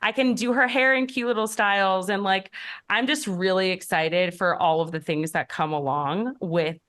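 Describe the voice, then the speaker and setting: A woman in her thirties, a podcast host and health coach, answering questions in a candid, reflective way, with many fillers and lively storytelling. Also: mid-range voice, normal speed. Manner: candid and reflective, many "like" fillers, animated when telling stories. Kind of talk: casual conversational podcast answers.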